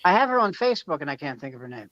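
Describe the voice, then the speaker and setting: A middle-aged male stand-up comedian chats casually, telling rambling, profane backstage anecdotes with frequent restarts. His voice is a little high, a bit bright, very animated and rapid-fire. The dry recording is slightly muffled, with no echo.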